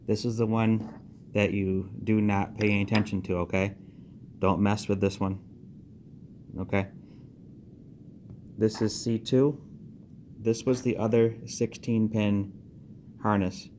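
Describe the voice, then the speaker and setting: A man giving a casual how-to walkthrough on car audio wiring, talking quickly and checking in with frequent "okay"s. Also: fairly low pitch, darkish tone, a little hiss or hum. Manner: talks fast, checks in with frequent okays.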